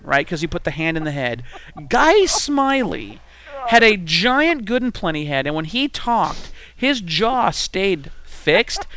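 A man from Texas, a podcast co-host, telling funny stories in lively casual chat and acting out voices. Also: on the high side, slight background noise. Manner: animated storytelling with acted-out voices.

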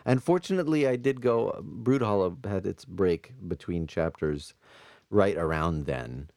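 A man co-hosting a webcomics podcast, chatty and self-deprecating, quick to joke with his co-hosts. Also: sits low, expressive, a little mellow, no echo, studio quality. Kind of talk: casual chat.

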